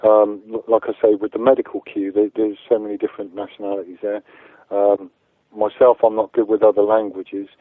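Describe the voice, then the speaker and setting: Halting man over a tinny phone line. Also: lowish voice, flat delivery, no echo. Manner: halting, repeats words often. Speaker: activist guest. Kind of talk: earnest interview answers.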